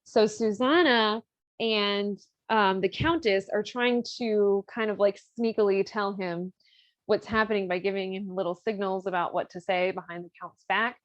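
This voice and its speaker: Casual podcast host, woman, swears freely, mid pitch, dull dry recording. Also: moderate pace, no room sound. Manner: loose and profane, peppered with "like". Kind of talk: casual chat retelling an opera plot.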